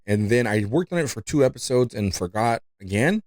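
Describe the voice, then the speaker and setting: Talking quickly with few pauses, this man hosts a podcast in English, which isn't his first language. His mid-range voice is darkish with lively intonation, captured in echo-free studio quality, and his chat rambles along with frequent laughter, fillers, and "you know."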